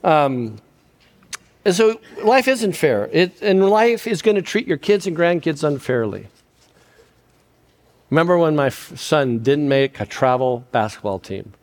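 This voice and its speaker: An older man giving a sermon on parenting, sappy and self-deprecating, moving between loud emphasis and hushed lines. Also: medium pitch. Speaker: guest speaker on parenting.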